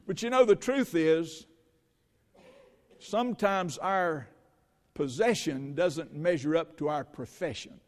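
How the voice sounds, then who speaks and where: A man's voice: on the high side, slow pace, pauses often, big-room sound. A male pastor preaching a sermon, telling stories with quoted dialogue before moving into scripture.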